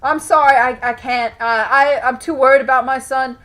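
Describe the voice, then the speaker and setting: A woman voicing a worried half-orc village mother who talks in a hesitant, halting way. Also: sits high, steady tone, a bit bright. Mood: anxious, deflecting.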